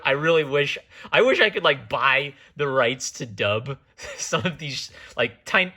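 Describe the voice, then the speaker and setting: A man's voice: medium pitch, pushed and bright. A man giving a casual, enthusiastic comic review, joking and wandering off on tangents as he talks. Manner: enthusiastic, digressive, jokey. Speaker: manga reviewer.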